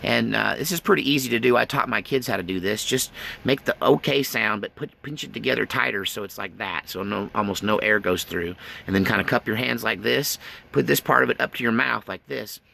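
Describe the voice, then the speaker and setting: A man's voice: on the low side, brisk, creaky, pushed and bright, a little hiss or hum. A middle-aged man vlogging in a casual, rambling, folksy way, with plenty of fillers. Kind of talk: casual chat to camera.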